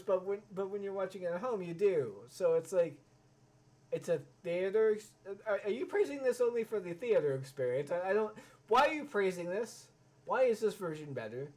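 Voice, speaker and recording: A man's voice: high voice, a little mellow. A man giving live reaction commentary, ranting and swearing with many stammering restarts. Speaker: reaction streamer.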